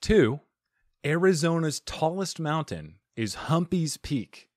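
A man's voice: on the high side, slow pace, no echo. A man hosting a podcast, chatting casually and playfully quizzing his guest, laughing often. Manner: animated, laughs often, playful quiz-giving. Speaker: podcast host. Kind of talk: casual interview chat.

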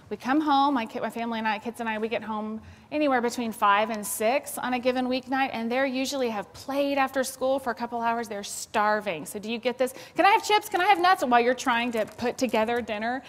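Woman giving a lively parenting seminar. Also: fairly high pitch, big-room sound. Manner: conversational, acts out examples for the audience. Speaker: school division head giving a parenting seminar. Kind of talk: seminar talk. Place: seminar hall.

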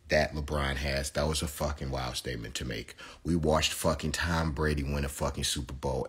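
A young man with a very low, husky voice rants on a phone live stream about basketball. His talk is heated, mocking and full of profanity. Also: pushed and bright.

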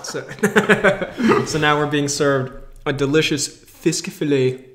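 A man's voice: a little high, expressive, slow, fairly bright tone. A man co-hosting a podcast, teasing in casual chat while talking with his mouth full. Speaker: podcast co-host. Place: room, eating at a table. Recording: echoey room, faint table noise.

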